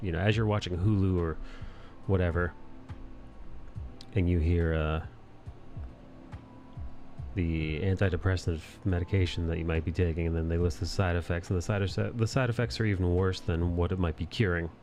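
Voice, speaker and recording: A man in his thirties chats with viewers on a live stream, rambling and joking crudely. His voice is low with a gravelly fry. Faint music plays in the background. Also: fairly even intonation, normal speed, pauses often, darkish tone. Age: 30s. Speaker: live-stream host and artist. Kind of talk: casual live-stream chat.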